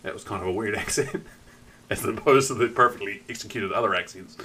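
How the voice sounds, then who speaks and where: Bright-voiced New Zealand man, swearing. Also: fairly low pitch, brisk, slightly rough. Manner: animated storytelling, swears often. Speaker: streamer. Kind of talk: casual live-stream chat.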